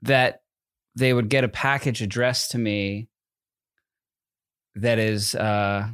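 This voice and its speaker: A man's voice: fairly low pitch, fairly even intonation, takes it slowly, fairly bright tone, clear, resonant tone, no echo, clean studio sound. A man in his thirties, co-hosting a podcast in casual chat, rambling through a story with many fillers and acted-out quotes. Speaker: podcast co-host.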